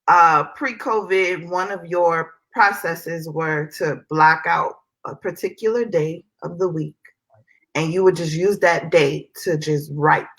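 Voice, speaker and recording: Slow-speaking woman interview host. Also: fairly low pitch, a bit bright, poor audio. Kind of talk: casual interview.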